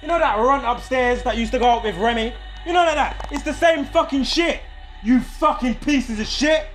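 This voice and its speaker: A man's voice: very high-pitched, normal speed, fairly bright tone, soft background music. A man, ranting angrily and profanely to camera in a vlog, heated and sarcastic. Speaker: vlogger. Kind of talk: angry ranting monologue to camera.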